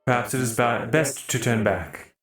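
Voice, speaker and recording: A man's voice: mid-range voice, lively intonation, normal speed, fairly bright tone, natural voice. A man playing a stiff, formal synthetic soldier. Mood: calm. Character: formal literal-minded male synthetic soldier. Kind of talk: live virtual-world role-play. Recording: roomy echo, faint music.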